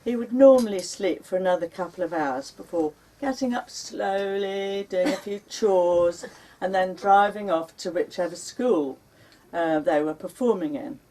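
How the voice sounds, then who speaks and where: A woman author reading her memoir aloud at a bookshop launch, unhurried and turning dramatic when she quotes her past self. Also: mid-range voice, mellow. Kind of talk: live reading of memoir prose. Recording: recorded from a distance.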